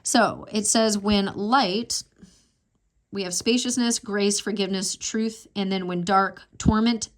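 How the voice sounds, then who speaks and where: Taking it slowly with fairly even intonation, a medium-pitched tarot reader works through a casual reading. Her thinking aloud is meandering and emotional, and she falls to a whisper when reading to herself.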